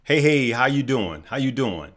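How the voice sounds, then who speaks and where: A man's voice: medium pitch, animated. A man hosting a casual stock market livestream, greeting viewers one by one by name. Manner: unhurried, shout-outs to viewers by name.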